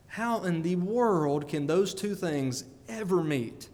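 Male preacher with a higher voice, earnest and questioning, long reverb tail. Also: expressive, takes it slowly, a little mellow. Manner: earnest, repeats words, asks the listeners questions. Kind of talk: sermon.

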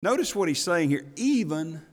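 A middle-aged man preaching a sermon as pastor, telling the story with animated voices. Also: a little high, normal speed, long reverb tail.

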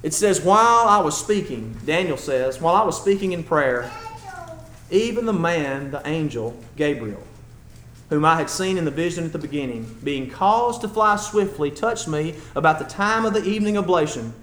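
Folksy preacher, high voice. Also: male voice, animated, moderate pace, fairly bright tone, reverberant. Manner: folksy, conversational preaching with rising emphatic passages. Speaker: church elder preaching. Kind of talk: sermon.

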